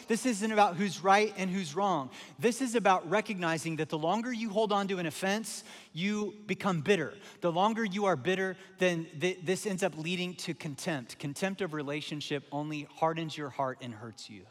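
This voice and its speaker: High-voiced middle-aged pastor in a reverberant hall. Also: male voice, fairly bright tone. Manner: conversational, emphatic preaching with repeated phrases. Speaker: lead pastor. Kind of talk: sermon. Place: large church auditorium.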